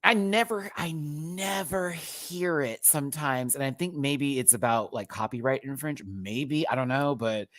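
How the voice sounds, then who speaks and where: A man giving an animated, casual review of a TV show, breaking into mock voices. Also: mid-range voice, measured pace, hardly any pauses, dry recording. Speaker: drag race reviewer.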